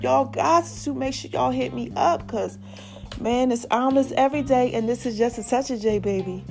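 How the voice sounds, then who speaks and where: Chatty high-voiced woman podcaster. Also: brisk, creaky, faint music behind. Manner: chatty, animated, calls listeners "y'all" and "child". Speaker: podcast host. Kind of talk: casual solo podcast chat.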